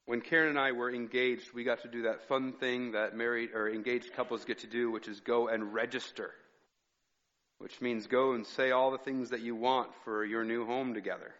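A man's voice: medium pitch, steady tone, moderate pace, a bit bright. Male pastor preaching in an echoing hall. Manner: conversational preaching with personal anecdotes. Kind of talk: sermon. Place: church sanctuary. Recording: reverberant hall, dull sound.

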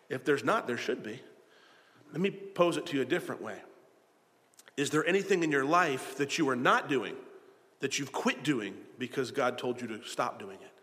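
Male pastor, earnest sermon, repeats himself, slightly high voice, long hall reverb. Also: a bit bright. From South Florida. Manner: earnest, repeats phrases, acts out quoted voices.

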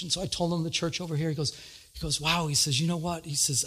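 A man preaching a sermon, telling a personal story with lively retold dialogue and growing excitement. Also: on the high side, quick pace, slightly rough. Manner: animated, retells dialogue with rising excitement. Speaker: pastor.

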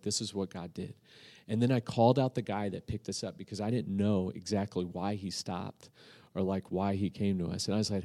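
A man's voice: on the low side, gravelly, mellow. A young man sharing a mission-trip testimony in casual storytelling, rambling with many fillers and restarts. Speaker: church member sharing a testimony.

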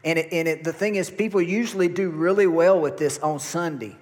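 A male pastor delivers an emphatic sermon, repeating phrases for weight. His voice sits a little on the high side. The sound carries a long reverb from a church sanctuary. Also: a little fast, darkish tone. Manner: emphatic preaching with repetition.

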